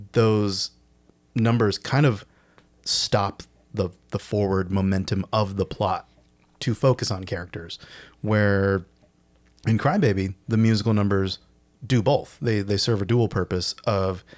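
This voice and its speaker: Male podcast co-host, lower voice, animated and playful in casual film chat. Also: measured pace. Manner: animated, acts out movie lines in exaggerated voices.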